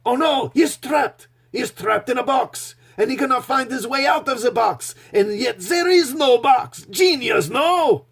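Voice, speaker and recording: A man's voice: extremely high pitch, animated, unhurried, creaky, hardly any pauses, slightly rough, voice pushed up, exaggerated voice. A man putting on the voice of a pompous French mime showman, theatrical and mocking. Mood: mock awe.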